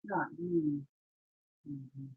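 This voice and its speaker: A woman's voice: sits low, drawn-out words. A woman with a Southern US accent, co-hosting a casual livestream and reading out and greeting viewers by name. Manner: reads out viewer names and teases the co-host. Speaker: livestream co-host. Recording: dull lo-fi sound.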